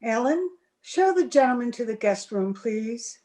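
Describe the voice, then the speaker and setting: A woman's voice: on the high side, expressive, a little slow, mellow. A woman playing the fearful wife of the master, speaking timidly in an old-time radio drama. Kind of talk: 1930s-style radio drama acting.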